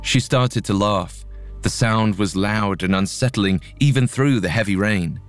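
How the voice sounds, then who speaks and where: A man narrating a scripted story in a measured, dramatic way. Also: fairly low pitch, no room sound, faint music behind.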